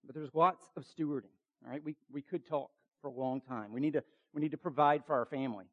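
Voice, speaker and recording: Male pastor, mid-high voice, emphatic sermon delivery with quick asides, dull lo-fi recording.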